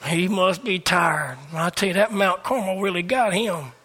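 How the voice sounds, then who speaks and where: High-voiced fervent male preacher. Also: moderate pace. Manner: swings from loud fervor to hushed whispers; repetitive, emphatic preaching cadence. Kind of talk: sermon.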